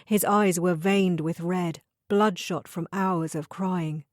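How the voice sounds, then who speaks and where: A woman narrates a thriller audiobook in a measured, even manner. Her pace is slow and her voice sits low, recorded dry and close. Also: dry recording. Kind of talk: scripted narration.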